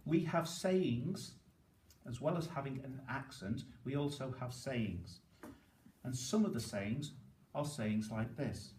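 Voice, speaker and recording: A man from Liverpool with a Liverpool accent, giving an informal talk to learners and explaining things slowly, often checking in with "okay?". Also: medium pitch, a little mellow, roomy sound, recorded from a distance, a little hiss or hum, low-quality recording. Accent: Liverpool (Scouse). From Liverpool, England.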